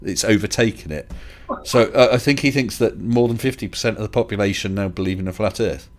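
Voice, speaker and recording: A man's voice: on the low side, fairly quick. A man hosting a casual live stream chat, talking in a hesitant, chatty way with restarts and chuckles. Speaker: livestream host.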